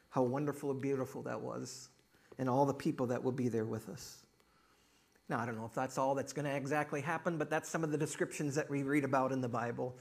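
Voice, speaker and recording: A man's voice: mid-range voice, creaky. Man preaching a sermon, upbeat and direct. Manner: storytelling with joke voices, scripture reading rising in force. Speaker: pastor.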